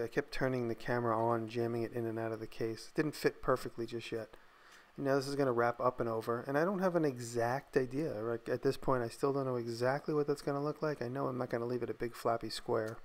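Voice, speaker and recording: A man casually narrating a voice-over of his workshop build, thinking aloud in a relaxed, tired way. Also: mid-range voice, quick pace.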